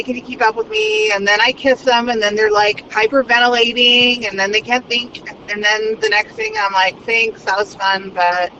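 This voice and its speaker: Crude motor-mouthed woman driving. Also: mid-range voice. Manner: fast, crude and unfiltered. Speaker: vlogger. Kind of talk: rambling monologue while driving. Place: inside a car in traffic. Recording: dull lo-fi car recording with road noise. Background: traffic noise.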